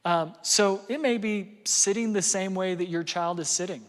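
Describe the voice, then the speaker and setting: A man's voice: high-pitched, moderate pace. A middle-aged man giving a casual parenting seminar, conversational and self-deprecating, with lots of fillers and "right?" checks. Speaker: parenting workshop speaker. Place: large hall before an audience. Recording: long hall reverb.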